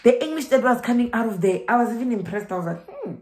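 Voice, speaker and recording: A woman's voice: on the high side, very fast, darkish tone. Chatty South African woman in an echoey room. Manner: chatty, laughing asides, emphatic repeats. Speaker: vlogger giving migration advice. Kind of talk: casual advice vlog.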